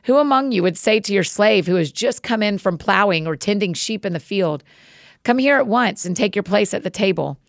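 A woman hosting a podcast, greeting listeners warmly and then reading scripture aloud at a steady pace. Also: mid-range voice, a little fast, no room sound, studio quality. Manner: friendly, encouraging intro then steady reading.

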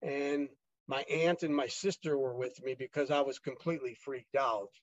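A man's voice: mid-range voice, fairly even intonation, normal speed, dry recording, lo-fi sound. A man being interviewed, telling his own story in a loose, rambling way, with many fillers and restarts as he re-enacts the dialogue. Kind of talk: casual conversational storytelling.

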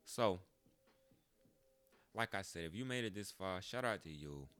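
A man's voice: low voice, lively intonation, measured pace, fairly bright tone, clean tone, no room sound. A man hosting a podcast, telling a story in a casual, joking monologue and swearing freely. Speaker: podcast host.

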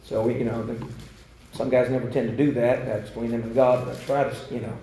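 A man preaching a revival sermon in a church, fervent and rising to shouts. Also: mid-range voice, flat delivery, brisk, a little hiss or hum. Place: church sanctuary. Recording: echoey church room.

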